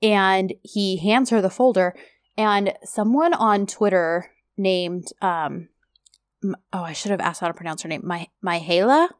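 A woman's voice: medium pitch, fairly even intonation, measured pace, no room sound, studio quality. A woman co-hosting a podcast in casual chat, rambling and chatty with plenty of filler words. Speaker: podcast co-host.

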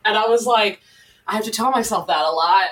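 Female co-host from Florida, middle pitch, chatty, a bit distant from the mic. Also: a little fast, slight background noise. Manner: chatty, animated storytelling. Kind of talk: casual chat. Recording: voice from farther off the mic.

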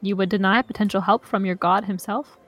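A woman playing a tabletop game, animated and swearing casually. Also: mid-range voice, brisk, soft background music. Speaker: player.

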